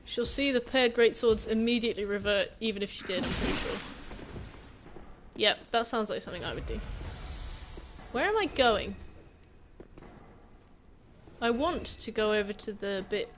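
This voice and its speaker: A woman's voice: mid-range voice, animated, moderate pace, pauses often, a little hiss or hum. A woman game streamer giving casual, rambling gameplay commentary and swearing now and then.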